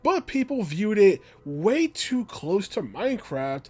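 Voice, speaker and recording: A man's voice: high-pitched, big pitch swings, slow pace, mellow, husky. A young man giving a casual, rambling video-essay commentary, speaking conversationally with plenty of filler phrases.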